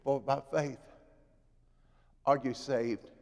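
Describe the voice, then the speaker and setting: A man preaching a sermon in a church, dramatic, moving from loud pleading to hushed, quiet lows. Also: fairly even intonation, slow pace, vocal fry. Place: church sanctuary. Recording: long reverb of a church hall.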